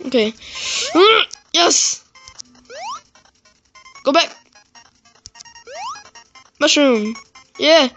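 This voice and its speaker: A high, bright voice with a wide swing in pitch, delivering raging gameplay commentary. The speaker curses and yells in frustration, then drops into low muttering to himself. Soft music plays underneath. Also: lively intonation, slow pace, long pauses, highs cut off. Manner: swearing and yelling in frustration; muttering to self between outbursts. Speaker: gaming YouTuber.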